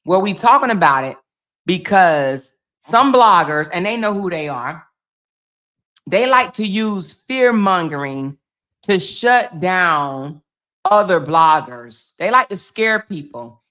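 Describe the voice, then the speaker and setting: Her voice is lowish and fairly bright as this Chicago-based blogger hosts a casual livestream indoors at home. She reads viewers' comments, reacts in an emphatic, talkative manner, swears without restraint, and calls people baby and girl.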